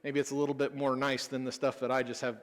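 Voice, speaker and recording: A man's voice: mid-range voice, level tone, fast. A man in his thirties, a pastor, giving a casual, personal sermon full of stories and self-deprecating humor. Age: 30s. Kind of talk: conversational sermon. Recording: long hall reverb.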